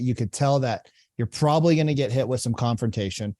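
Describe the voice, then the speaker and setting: A man coaching real estate agents in a relaxed, conversational way, often repeating phrases. His tone is mellow and warm, and the recording is dry and close. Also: medium pitch, brisk, dry recording. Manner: conversational, repeats phrases, acts out call examples. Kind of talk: reaction commentary and coaching.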